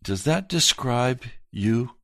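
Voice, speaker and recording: A man's voice: lively intonation, dry recording. Earnest male pastor preaching in a dry room. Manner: earnest, measured preaching, dropping soft and low for emphasis. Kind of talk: sermon reading and preaching.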